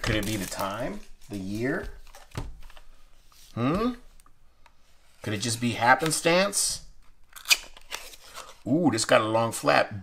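A young man hosting a casual card unboxing, chatty and excitable, sometimes dropping to a hush. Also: medium pitch, takes it slowly, pauses often. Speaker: playing card channel host. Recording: noisy room with card handling sounds. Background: shuffling cards and clicks.

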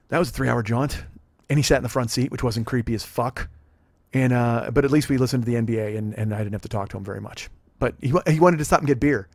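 In a dry, studio-quality recording, a man in his forties hosts a podcast, talking very fast in a mid-range, slightly mellow voice. His casual comedic storytelling rambles through profane anecdotes, with lots of restarts.

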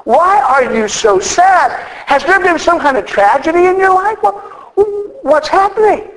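A preacher acts out a bewildered, exasperated man in a pulpit joke, voice pitched high. He keeps firing incredulous questions with lively swings in pitch. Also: unhurried, in a large hall, full character voice, poor audio. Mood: puzzled. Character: baffled, exasperated male friend.

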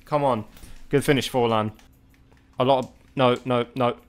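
A man's voice: medium pitch, fairly even intonation, normal speed, clean tone. Male gamer, live commentary, exasperated outbursts, swears freely. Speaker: gaming video creator. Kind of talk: live gameplay commentary to chat.

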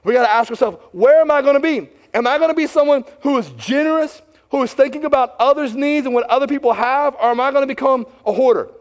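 A man's voice: very high voice, fast, few pauses. A middle-aged man, a pastor, preaching a sermon in a conversational way, often putting questions to his listeners. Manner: conversational, asks the congregation questions.

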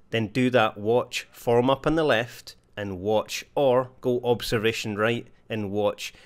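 Blunt man giving sim tips. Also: mid-range voice. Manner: blunt, direct. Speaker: flight sim YouTuber. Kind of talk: instructional rules narration.

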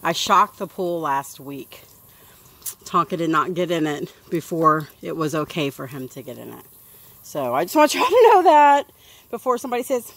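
A woman's voice: deep voice, very animated, moderate pace, a bit bright. A woman chatting casually to her viewers while bathing her dog outdoors, coaxing him in a sing-song voice. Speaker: dog owner vlogger. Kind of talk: casual vlog narration. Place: outdoors by a pool.

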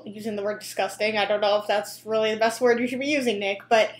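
A woman's voice: mid-range voice, steady tone, fast talker, roomy sound. A young woman hosting a reaction video, chatting casually with lots of fillers, restarts and giggles.

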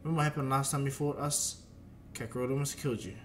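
A man's voice: mid-range voice, fairly even intonation, fast talker, slight background noise, close to an everyday voice. A man voicing a proud, scornful adult warrior prince in a fan-made story narration. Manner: scornful, blunt.

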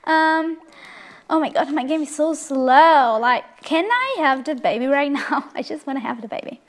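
Excitable high-voiced woman gaming. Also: normal speed. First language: Korean. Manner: excitable, gushing, many fillers. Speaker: let's play host. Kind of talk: casual gameplay commentary.

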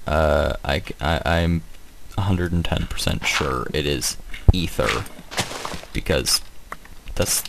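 A man giving casual, hesitant commentary while showing a game mod, with many pauses and fillers. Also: low-pitched, background noise. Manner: hesitant, many ums, rambling.

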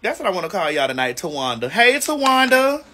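A woman's voice: low voice, expressive, rapid-fire, noisy background. A woman hosting a casual phone livestream from a hotel room, sassy and playful as she chats back to viewer comments. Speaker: livestream host.

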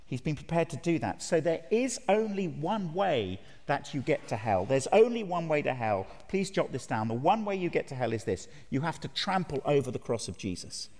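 A man's voice: a little high, sing-song, moderate pace, hardly any pauses, darkish tone. Earnest preacher man in an echoing hall. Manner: earnest, emphatic, asks the audience direct questions. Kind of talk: sermon. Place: large conference hall. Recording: reverberant hall.

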